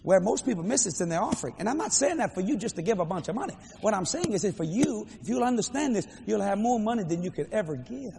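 An older man preaching a storytelling sermon in a large hall, animated and playful with dramatic swings. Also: high voice, quick pace, gravelly, few pauses, slight background noise. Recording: echoey hall, faint crowd ambience.

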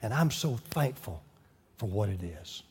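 A man's voice: fairly low pitch, sing-song, unhurried, big-room sound, slight background noise. A man, a pastor, telling a story in his sermon and building to fervent preaching.

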